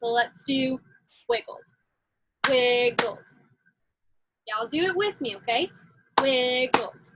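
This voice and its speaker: A woman teaching a phonics lesson to young children, slow and encouraging. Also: high voice, sharp tone, no room sound, rough recording.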